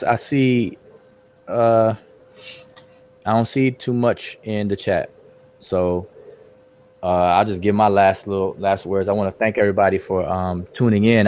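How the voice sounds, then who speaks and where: A man's voice: fairly low pitch, a little mellow. A man hosting an online study group, talking in a loose, casual way and repeating words with lots of fillers. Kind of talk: casual discussion.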